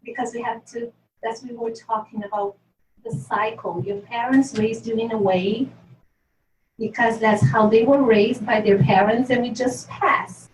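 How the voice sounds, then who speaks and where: A woman's voice: a little high, fairly even intonation, moderate pace. A woman presenting at a conference for parents, talking casually to the audience, chatty and laughing often at herself. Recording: echoey hall, mic far off, faint noise.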